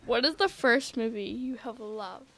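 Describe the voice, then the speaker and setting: A woman's voice: a little high, measured pace, a bit bright, a little hiss or hum. A woman in a casual podcast chat, asking eager questions. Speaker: question asker.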